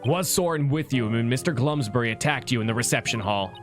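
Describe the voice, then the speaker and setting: A man's voice: mid-range voice, animated, a little fast, close to an everyday voice. A man voicing an earnest young male defense lawyer in a mystery game, in a mock-serious tone over background music.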